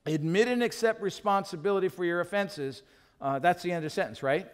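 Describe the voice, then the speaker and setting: A man preaching a sermon as pastor, animated and acting out little scenes as he teaches. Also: sits high, a little fast, clean tone. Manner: animated, acts out quotes in other voices. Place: church. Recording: long reverb of a church hall.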